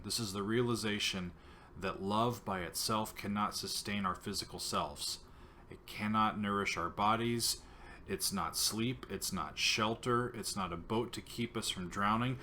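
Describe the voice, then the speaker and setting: A man with a lowish voice that comes across bright and forceful. He speaks as a composer hosting his own show, earnest and halting, stopping often on filler sounds. It is casual talk aimed straight at the camera. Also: a little hiss or hum.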